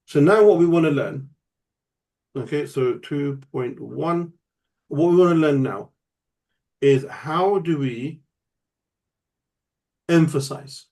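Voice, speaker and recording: A man's voice: a little high, slow pace, pauses often, a little mellow. A man teaching an online grammar lesson, explaining patiently step by step and checking in with his student. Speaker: Arabic teacher.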